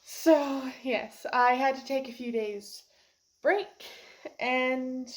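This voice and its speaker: A woman's voice: high voice, takes it slowly. A young woman talking casually about a book she just finished, emotional and rambling, laughing and close to tears. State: teary. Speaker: book reviewer. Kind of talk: casual book review vlog.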